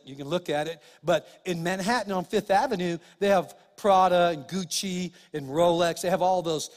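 A middle-aged male pastor preaching in a church sanctuary, his fairly high voice carried by a long hall reverb. He tells funny stories with lively energy, then sinks into soft, hushed tones to press his point home. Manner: animated storytelling with humor, dropping to soft quiet tones. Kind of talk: sermon.

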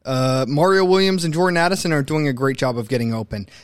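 A young man co-hosting a casual sports talk show, animated and opinionated. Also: on the high side, quick pace, smooth, no room sound, studio quality. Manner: animated, opinionated, mimics coaches mid-rant. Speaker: sports podcast co-host.

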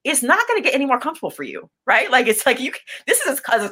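Talking very fast with hardly any pauses, a young business owner gives an interview in a slightly high, bright, forceful voice with lively intonation. She's blunt and impassioned, frequently restarting and repeating words at the start of sentences.

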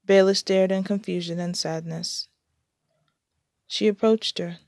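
A woman reading her own story aloud in a plain, unhurried way, with small slips and restarts. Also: medium pitch, steady tone, a little mellow, no echo, clean studio sound.

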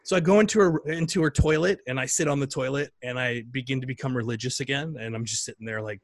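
Animated storytelling man, dry sound. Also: mid-range voice, fast, few pauses, no room sound. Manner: animated, acts out voices in his stories. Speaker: guest. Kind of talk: casual storytelling.

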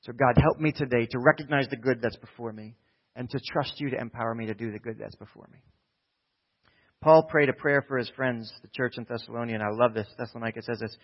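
Pastor from New Jersey preaching. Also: male voice, medium pitch, fast, muffled recording. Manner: conversational, swings from quiet asides to loud exhortation. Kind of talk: sermon.

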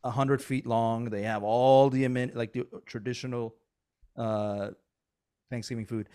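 A man's voice: mid-range voice, steady tone, unhurried, mellow, smooth. A man hosting a podcast in casual, joking chat, laughing often and trailing off mid-sentence. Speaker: podcast host.

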